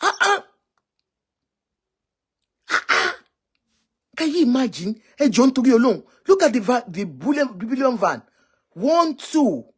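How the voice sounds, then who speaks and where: A woman's voice: a little high, big pitch swings, brisk, a little mellow, breathy edge. A Nigerian woman giving exclamatory, scolding political commentary on a live stream. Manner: scolding, exclamatory, switching languages.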